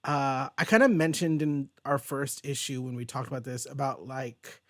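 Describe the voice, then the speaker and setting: A man's voice: mid-range voice, moderate pace, dry recording, clean studio sound. A man hosting a casual comic book review chat, rambling and thinking aloud as he goes. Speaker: host.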